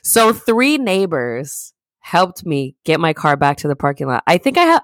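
Animated low-voiced woman telling stories. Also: normal speed, no room sound. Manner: animated storyteller, acts out quotes in raised voices. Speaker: podcast co-host. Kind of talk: casual chat.

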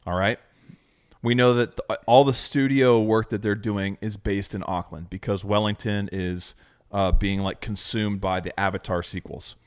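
A man's voice: fairly low pitch, steady tone, normal speed, clear, resonant tone. A man co-hosting a casual podcast chat, talking enthusiastically and rambling with lots of fillers. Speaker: podcast co-host.

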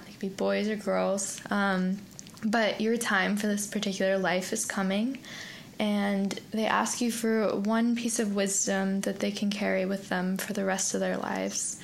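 A woman hosting an interview, asking her guest gentle, gushing questions. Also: mid-range voice, vocal fry, a little hiss or hum. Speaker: podcast host.

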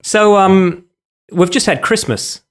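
A man's voice: sits high, takes it slowly. Dry-joking man co-hosting a podcast. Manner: swears freely, dry joking. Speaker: podcast co-host. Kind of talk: casual chat.

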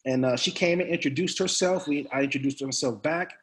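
A man, an actor as a guest, telling stories casually in an interview with lively, laughing delivery. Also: fairly high pitch, fairly quick. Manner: animated, laughing storyteller.

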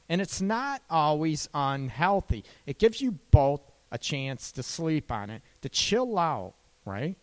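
Guy talking through relationship advice, casual, keeps saying right?, goes low and soft for the calm bits. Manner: conversational, repeats points, asks "right?" often; drops low and soft when acting out calm lines. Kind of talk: casual advice monologue to camera.

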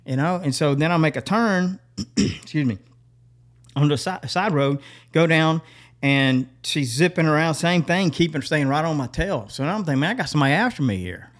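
A man, co-hosting a podcast, telling stories in a lively way, laughing often and acting out what people said. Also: a little high, normal speed. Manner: animated, laughs often, acts out quotes. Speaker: podcast co-host. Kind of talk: casual storytelling chat.

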